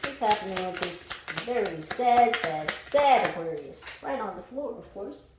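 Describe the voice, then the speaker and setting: A woman's voice: medium pitch, animated, unhurried, noisy background. A woman giving a casual tarot reading, playful and blunt, laughing, swearing and sometimes singing a line. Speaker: tarot reader. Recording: very echoey room.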